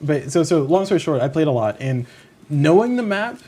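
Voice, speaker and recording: A man hosting a casual chat, throwing in quick, jokey interjections and eager questions. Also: a little high, big pitch swings, warm tone, breathy edge. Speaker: host.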